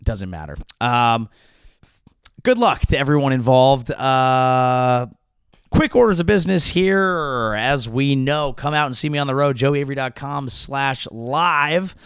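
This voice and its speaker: A man's voice: medium pitch, unhurried, a bit bright, clean tone, no echo, studio quality. A man hosting his comedy podcast, delivering a sarcastic, rambling monologue full of restarts.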